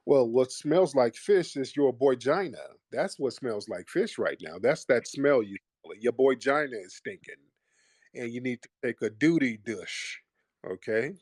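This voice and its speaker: A man's voice: mid-range voice, lively intonation, measured pace, a little mellow, no echo, clean studio sound. A man hosting a live call-in show, casual and combative, mocking and insulting his callers.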